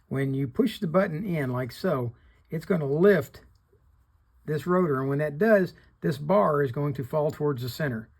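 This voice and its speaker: A man's voice: on the high side, vocal fry, slightly rough. A middle-aged man hosting a hands-on repair tutorial, plain-spoken, talking through each step while he works. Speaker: fishing reel repairer hosting a channel.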